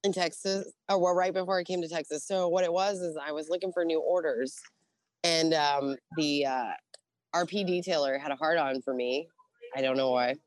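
Low, dry-voiced middle-aged woman, blunt and profane storyteller, lively quotes. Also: moderate pace, dry recording. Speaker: interview guest, Navy veteran. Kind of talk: casual storytelling.

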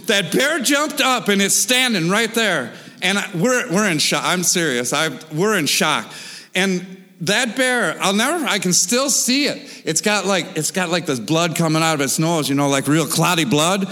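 A high-pitched, bright-voiced man tells a wild story in a casual, animated way, with lots of swearing and sound effects. His voice carries a long reverb from a big hall. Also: normal speed.

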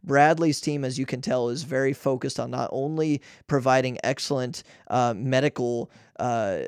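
A man's voice: mid-range voice, moderate pace, a little mellow, clear, resonant tone, no room sound, studio quality. A man hosting a podcast, enthusiastic as he wraps up the interview. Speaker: podcast host. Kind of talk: casual podcast talk.

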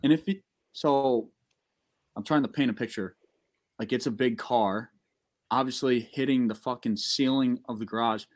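A young man telling a long, profane, excitable story in a casual podcast chat. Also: medium pitch, moderate pace, pauses often. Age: young adult.

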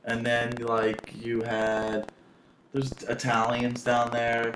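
A man's voice: mid-range voice, monotone, takes it slowly, a bit bright. A man in his thirties from South Florida, a stand-up comic chatting as a podcast guest, rambling with lots of fillers and restarts. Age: 30s. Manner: rambling, filler-heavy, self-interrupting. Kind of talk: casual conversation. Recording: echoey, noisy amateur podcast audio.

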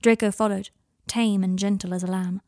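Measured woman reading a story. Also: mid-range voice, steady tone, darkish tone, no echo, studio quality. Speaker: audiobook narrator. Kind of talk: fan fiction audiobook reading.

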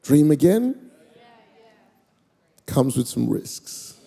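A middle-aged Australian man preaching a storytelling sermon, animated, acting out conversations and shouting his exhortations. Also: mid-range voice, very slow, creaky. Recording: echoey hall reverb.

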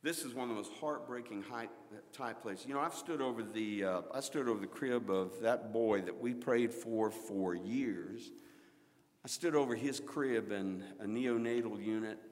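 A middle-aged man preaching a sermon, swinging between loud exclaiming and quiet storytelling. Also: lowish voice, normal speed, long reverb tail.

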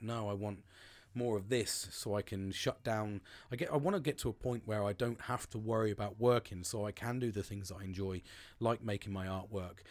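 A man talks things through in a loose, rambling monologue. His voice sits fairly low, and he swears freely and keeps calling people "mate". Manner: rambling, swears often, says "mate" a lot. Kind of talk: casual monologue.

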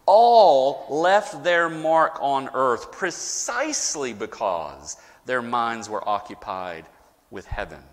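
A man preaching a sermon as pastor, with dramatic pauses and rising, emphatic repetition. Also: on the high side, long reverb tail.

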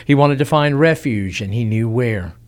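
A man narrating a historical story in a solemn, measured way with lingering pauses. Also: medium pitch, animated.

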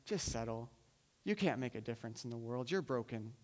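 A man voicing a lying enemy spirit, who talks low and hushed to taunt and wear down. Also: expressive, a little fast, close to an everyday voice. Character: lying male enemy spirit whispering despair.

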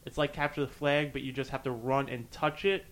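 A man's voice: medium pitch, little pitch movement, brisk, fairly bright tone. A man hosting a casual gaming podcast, talking in a laid-back, chatty way. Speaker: podcast host.

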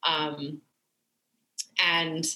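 A woman's voice: low voice, flat delivery, very slow, roomy sound, poor audio. A woman, a sex therapist, talking reflectively as a podcast guest, with frequent ums. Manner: warm, reflective, many fillers. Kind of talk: podcast interview.

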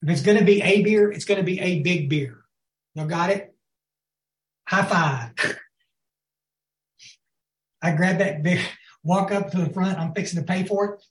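A man speaks unhurriedly in a high voice, pausing often, as he gives a recovery talk. His folksy stories are aimed at a group he calls "y'all," whom he often asks if they follow. The recording has a roomy echo.

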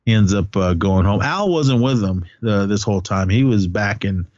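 Podcast co-host, male, lowish voice, rambling casual recap, dry and dull lo-fi sound. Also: normal speed, darkish tone, no echo. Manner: rambling, full of restarts and casual swearing.

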